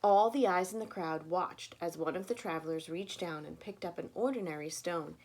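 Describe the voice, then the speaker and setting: A woman reading a children's story aloud, expressive and inviting listeners to join in. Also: lowish voice, moderate pace.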